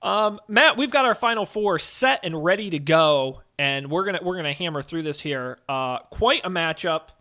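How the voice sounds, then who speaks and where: Bright, animated male podcast host. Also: fairly high pitch, normal speed, hardly any pauses. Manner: animated, playful. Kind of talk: casual debate chat.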